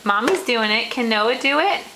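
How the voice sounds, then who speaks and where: A mother talking to her toddler in a home video at mealtime, coaxing him slowly and praising him often, recorded on a handheld camera. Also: on the high side, animated, pushed and bright, a little hiss or hum, low-quality recording. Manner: coaxing, slow and encouraging, with repeated praise.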